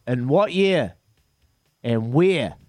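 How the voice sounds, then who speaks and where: A man's voice: mid-range voice, expressive, extremely slow, darkish tone, dry recording. A man with a New Zealand accent hosting a breakfast radio quiz, in jokey, matey banter. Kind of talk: casual breakfast radio chat.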